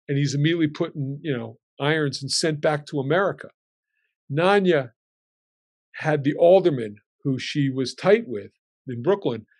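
A man's voice: fairly high pitch, darkish tone. A man in his sixties, a guest telling family stories in a casual way and acting out his relatives' lines as he goes.

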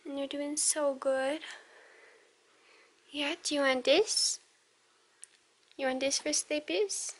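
Young mom in sing-song baby talk. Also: female voice, high-pitched, fairly even intonation, takes it slowly, long pauses. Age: late teens. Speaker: vlogger, young mother. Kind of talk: casual home vlog.

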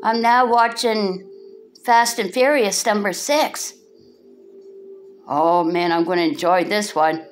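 A woman's voice: medium pitch, steady tone, takes it slowly, long pauses, faint music behind. A Canadian woman making a casual home vlog, cooing at a cat in sing-song baby talk. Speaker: vlogger.

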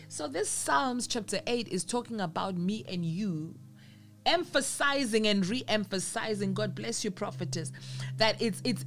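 A woman preaching a sermon in an earnest manner, repeating phrases for emphasis. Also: mid-range voice.

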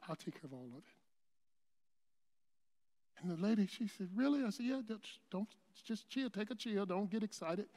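A man preaching a sermon, telling a personal story in a loose conversational way and building to shouted peaks. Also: high-pitched. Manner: conversational storytelling with many restarts. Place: church sanctuary. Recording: long hall reverb.

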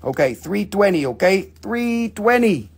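A man hosting a live crystal sale, joking crudely and playfully while pitching prices. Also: big pitch swings, measured pace, creaky, breathy edge. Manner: crude, playful, prone to silly voices and jokes. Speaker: host selling crystals on a live stream.

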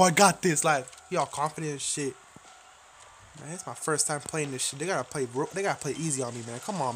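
A man's voice: fairly high pitch, fairly bright tone, a little hiss or hum. A man giving casual, profane, self-mocking commentary while playing a shooter game. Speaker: gameplay commentator.

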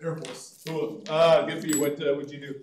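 A man's voice: fairly high pitch, little pitch movement, moderate pace, very noisy. Joking middle-aged man in echoey room. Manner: chatty, joking, self-deprecating. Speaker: financial advisor presenter. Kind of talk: live seminar talk. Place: meeting room with audience. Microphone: room mic or no mic.

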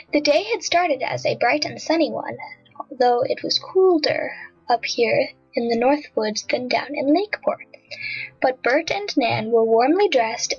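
A woman narrating a children's storybook in a husky voice. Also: sits high. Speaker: audiobook narrator. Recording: dull lo-fi audiobook with faint music.

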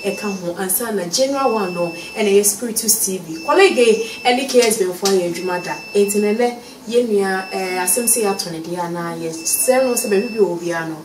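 A woman's voice: mid-range voice, brisk, few pauses, recorded from a distance, noisy background. Ghanaian woman interviewer, echoey. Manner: prompting, frequent soft affirmations. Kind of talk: street interview.

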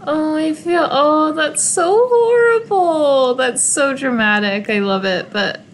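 Slow-talking young woman narrating her game. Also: high voice, a little hiss or hum, low-quality recording. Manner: gushing and emotional, sighing over sad moments. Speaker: gaming video creator. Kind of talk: casual let's-play commentary.

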